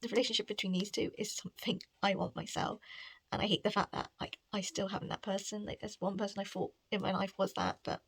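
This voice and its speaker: A woman's voice: medium pitch, little pitch movement, quick pace, vocal fry, breathy edge. A woman talking casually about her reading in a rambling, chatty way at home. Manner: rambling, chatty, lots of filler "like". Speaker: book vlogger. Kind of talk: casual reading vlog chat.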